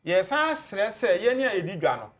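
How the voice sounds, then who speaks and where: A man's voice: high-pitched, very animated, moderate pace, a bit bright. A man with a Ghanaian accent, a TV panelist defending a government record point by point. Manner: lays out points one by one, assured. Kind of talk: political debate on TV, mixing Twi and English.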